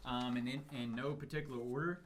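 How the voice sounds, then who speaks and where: A man's voice: mid-range voice, steady tone, quick pace, slight background noise. A man hosting a casual podcast chat, joking and laughing often. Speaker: podcast host.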